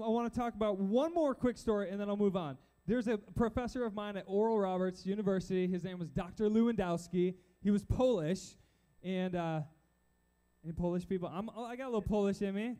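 A young man preaching to a crowd, telling stories with lively quoted voices. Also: sits high, fairly quick. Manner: animated storytelling with quoted voices. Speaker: youth pastor. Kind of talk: sermon. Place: church stage before a crowd.

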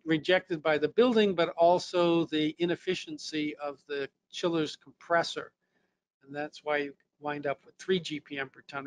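New England male trainer, slightly high voice, casual explainer with fillers. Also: a bit bright. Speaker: technical trainer. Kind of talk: technical lesson.

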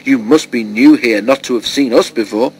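A man's voice: medium pitch, normal speed, a little mellow, breathy edge, close to an everyday voice, rough recording. A man reading a storybook, voicing a good-humoured male train driver. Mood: cheerful.

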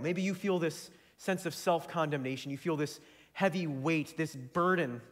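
A young man preaching a sermon, earnest and building to fervent emphasis. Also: fairly high pitch.

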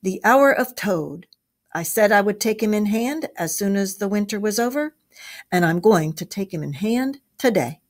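A woman voicing a stern, commanding old male badger, grave and deliberate. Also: medium pitch, animated, lightly acted.

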